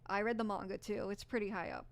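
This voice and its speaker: A young woman streamer in casual live-stream chat, rambling and gushing with lots of fillers, her voice a bit hoarse. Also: mid-range voice, fast talker.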